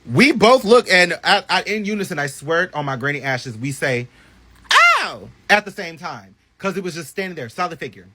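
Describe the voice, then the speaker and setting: A man tells a personal story straight to camera in a casual vlog. His voice sits a little high and sounds bright and forward. He talks in an animated, chatty way, with plenty of swearing and side comments. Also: a little fast, hardly any pauses. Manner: animated, profane, chatty storytelling with many asides.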